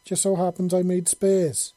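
A man's voice: high voice, completely flat delivery, normal speed, mellow, no echo, voice pushed up, lightly acted. A man voicing a wry, teasing older male fisherman with a jaunty, boastful way of talking, in a storybook reading. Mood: cocky.

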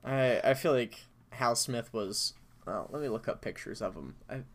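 A man's voice: medium pitch, normal speed, gravelly. A man co-hosting a podcast in casual chat, talking loosely with many fillers and easy laughs. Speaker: podcast co-host.

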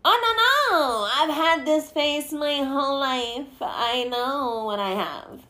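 A woman hosting a casual chat, animated and swearing freely as she acts out what people say. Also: high-pitched, takes it slowly.

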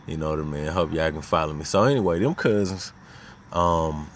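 A man's voice: extremely low pitch, fairly quick, slight background noise. A man with an Arkansas Southern accent, talking casually and telling personal stories as a podcast host, full of slang and "you know what I mean.". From Little Rock, Arkansas.

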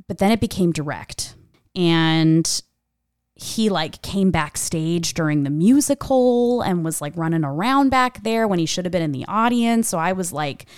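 A young adult woman telling a personal story in a casual, animated way. She talks chattily, swears freely and says "like" a lot. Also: lowish voice, smooth, no room sound, studio quality.

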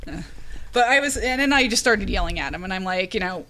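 A woman on a casual panel chat, telling stories with animated delivery, acting out what people said and laughing often. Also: medium pitch, fast. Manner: animated storyteller, acts out quoted lines, laughs often. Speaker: podcast panelist and conference speaker.

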